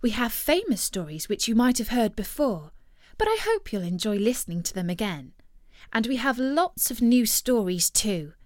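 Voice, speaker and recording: A woman storyteller and host narrating a fairy tale in a gentle, expressive way on a close studio mic. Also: a little high, moderate pace, no room sound.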